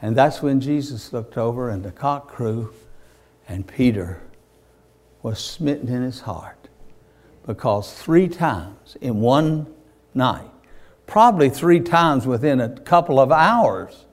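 A man preaching a sermon with fervent, building delivery and loud bursts on quoted lines. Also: medium pitch. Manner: fervent, rising to shouts on acted quotes.

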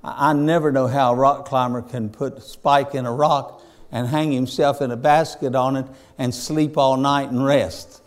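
An older man preaching a sermon in a folksy storytelling way, swinging between loud fervor and hushed tenderness. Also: mid-range voice, steady tone, moderate pace.

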